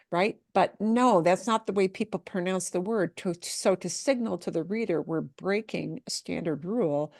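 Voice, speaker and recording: Woman, Spanish teacher, slow deliberate delivery, dry close sound, playful repeats. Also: fairly low pitch, vocal fry, no room sound. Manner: playful, drawn-out repeated words. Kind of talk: pronunciation lesson.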